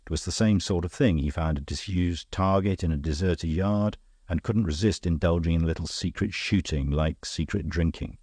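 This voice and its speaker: Guy reading a low, calm know-it-all gentleman detective, dry and wry, audiobook style. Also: normal speed, slightly rough, dry recording. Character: cool, worldly male gentleman detective.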